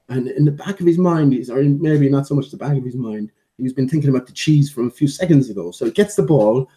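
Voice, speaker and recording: A man's voice: medium pitch, warm tone. A man chatting casually in a vlog, rambling with many fillers and restarts and playfully scolding his dog between thoughts. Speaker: vlogger.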